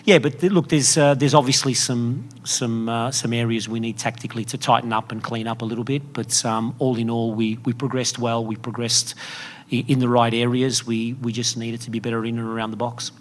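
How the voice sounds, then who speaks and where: A middle-aged man, a head coach answering at a press conference, halting and repeating words as he thinks. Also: mid-range voice, little pitch movement.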